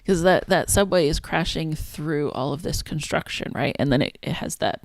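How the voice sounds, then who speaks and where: A woman casually chatting on a livestream as she makes a zine, thinking out loud and trailing off mid-sentence. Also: sits low, moderate pace, no room sound. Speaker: zine maker streaming her work. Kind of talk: casual livestream chat while working.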